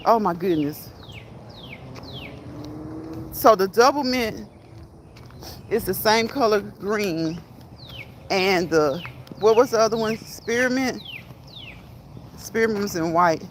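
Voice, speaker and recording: A woman's voice: mid-range voice, takes it slowly, long pauses, low-quality recording. Chatty woman walking outdoors. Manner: rambling, chatty, talks straight to viewers. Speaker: vlogger reading live chat. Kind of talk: casual walk-and-talk livestream. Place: outdoors on a street with passing traffic. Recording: clear street noise and traffic.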